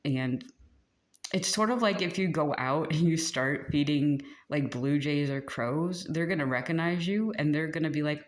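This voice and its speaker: A channeled tarot reading delivered in a loose, chatty way. The reader drifts between thoughts, leans on filler words and keeps slipping into giggles mid-sentence, with a middling pitch. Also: moderate pace. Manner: rambling, many "like" fillers, prone to giggling. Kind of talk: casual spoken spiritual reading.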